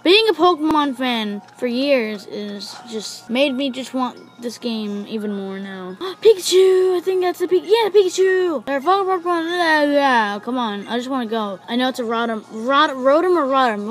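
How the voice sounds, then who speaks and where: A young woman giving let's-play commentary, excitable, gasping, swearing and shouting at the game. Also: on the high side, normal speed, few pauses, faint music behind, poor audio. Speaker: gaming YouTuber.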